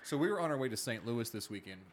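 A man's voice: mid-range voice, animated, quick pace, a loud crowd. A man co-hosting a podcast, telling a family story in a wry, casual way. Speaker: podcast co-host. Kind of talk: casual comedic chat.

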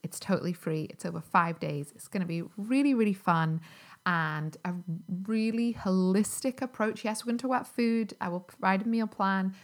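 A woman's voice: medium pitch, moderate pace. Chatty woman hosting a podcast. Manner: chatty, upbeat, with fillers like um and like. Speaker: podcast host and health coach. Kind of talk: casual solo podcast talk.

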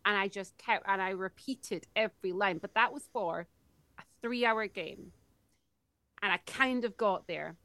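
A woman's voice: mid-range voice, unhurried, pushed and bright, no room sound. A woman co-hosting a podcast, eagerly explaining from her own experience in a casual chat. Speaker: podcast co-host.

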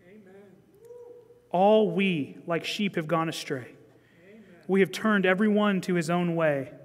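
High-voiced pastor preaching in a reverberant hall. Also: male voice, unhurried, pauses often. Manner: lively preaching, swings from loud emphasis to hushed reading. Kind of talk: sermon.

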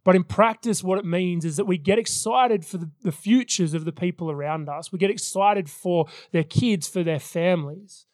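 A man's voice: high voice, moderate pace, darkish tone, no echo, studio quality. A man in his thirties preaching a sermon as pastor, telling personal stories in an earnest way. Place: church service.

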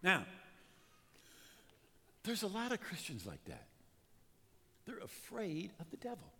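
Male pastor, high bright voice with wide swings, preaching with fervent builds, long hall reverb. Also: wildly swooping pitch, breathy edge. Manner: fervent preaching with dramatic pauses and emphatic builds. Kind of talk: sermon.

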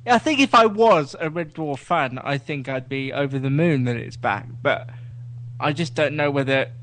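A man's voice: mid-range voice, moderate pace, a bit bright, poor audio. A man co-hosting a podcast in casual chat, opinionated and joking. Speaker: podcast co-host.

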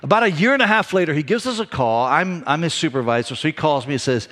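Brief: middle-aged male preacher, somewhat high voice, chatty storytelling sermon. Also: quick pace, hardly any pauses. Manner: conversational, animated storytelling with frequent restarts. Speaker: pastor.

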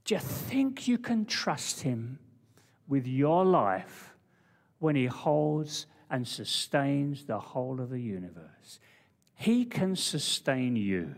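A man's voice: mid-range voice, very animated, slow. Passionate male preacher in a reverberant hall. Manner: passionate, swings from loud to hushed. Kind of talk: sermon.

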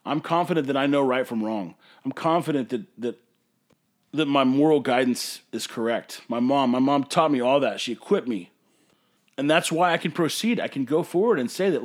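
A man's voice: medium pitch, moderate pace. A man, a brewery owner hosting a podcast, ranting in an emphatic, passionate way that sometimes turns to hollering. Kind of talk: casual ranting monologue.

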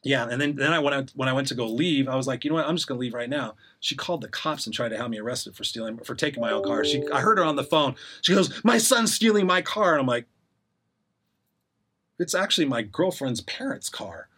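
A man's voice: mid-range voice, fast, bright, forceful tone, husky. A middle-aged man telling a rambling personal story as an interview guest, acting out the voices of people he quotes.

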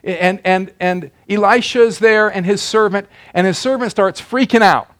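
Brief: male pastor, high voice, emphatic sermon with hushed asides. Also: moderate pace, few pauses. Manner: emphatic preaching, swings between loud declarations and quiet asides.

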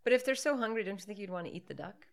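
A woman's voice: mid-range voice, animated, racing, gravelly. A woman co-hosting a podcast, chatting casually and sarcastically about a movie, laughing often. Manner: giggly, sarcastic, riffing with frequent laughs. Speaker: podcast co-host. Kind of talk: casual movie commentary chat.

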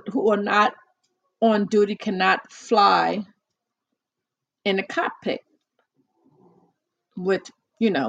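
Slow, gravelly woman chatting. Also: mid-range voice, a bit bright. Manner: chatty, repeats herself and restarts, acts out quotes. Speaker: commentator. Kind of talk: casual monologue.

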